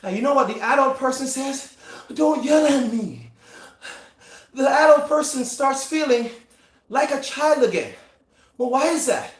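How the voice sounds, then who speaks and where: A man coaching in a live-streamed motivational talk, emphatic and repetitive, with dramatic pauses, riding an exercise bike. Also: very high-pitched. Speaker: performance coach. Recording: roomy echo.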